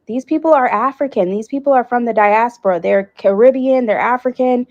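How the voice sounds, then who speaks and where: A woman's voice: a little high, a little fast, lo-fi sound. A woman ranting bluntly and indignantly in a reaction clip, swearing freely. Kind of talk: reaction rant.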